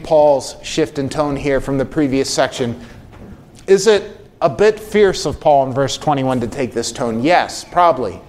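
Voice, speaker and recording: An earnest pastor addresses his congregation in a sermon, his high, clear tenor climbing and strengthening whenever he drives a point home.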